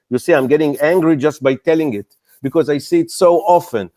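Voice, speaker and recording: A man's voice: a little high, brisk, warm tone. An older man speaking as an investor on a panel, blunt and exasperated, often mocking founders. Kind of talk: animated panel talk.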